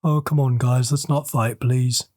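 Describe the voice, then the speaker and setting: A man's voice: mid-range voice, fairly even intonation, measured pace, a little mellow, no echo, studio quality, natural voice. Man doing a drummer impression, meek, pleading, self-mocking, near his own voice. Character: impression of a famous male rock drummer, meek peacemaker.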